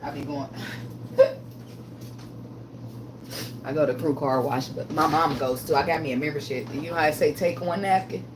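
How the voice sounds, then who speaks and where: A woman's voice: low voice, fairly even intonation, moderate pace, long pauses, noisy background. A woman doing a casual tarot reading vlog, talking bluntly with lots of swearing, getting emotional and laughing often. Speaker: tarot reader.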